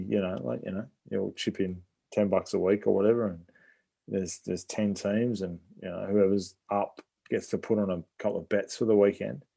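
Mellow-voiced man, chatty. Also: lowish voice, creaky, slightly rough. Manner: chatty, many "like"s and "you know"s. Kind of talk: casual sports chat.

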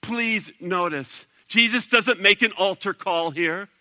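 A man preaching a sermon as pastor, animated and acting out the voices of the people he quotes. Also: high voice, slow, no room sound, rough recording.

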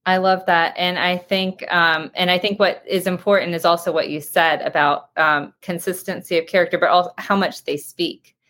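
A woman's voice: on the low side, fairly even intonation, moderate pace, a bit bright. A woman hosting a webinar and reading out audience questions, speaking hesitantly with many filler ums. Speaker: host. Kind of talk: moderating a webinar Q&A.

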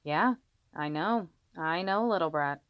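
A woman voicing a blunt, gruff young father who swears and mutters under his breath. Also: on the low side, moderate pace, a bit bright, no room sound, natural voice. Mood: hushed.

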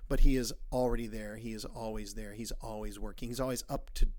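A man joining as a guest in a casual discussion, explaining his thoughts in a measured way. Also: lowish voice, fairly even intonation, a little mellow. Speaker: guest, ministry colleague.

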